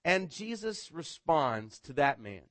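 Conversational pastor with a fairly high voice. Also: male voice, big pitch swings, takes it slowly, fairly bright tone, dry recording. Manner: conversational, repeats words, often asks "right?". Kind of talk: sermon.

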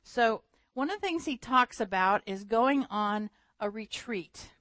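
Woman preacher, animated storyteller, dry close sound. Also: fairly high pitch, unhurried, dry recording. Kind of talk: sermon.

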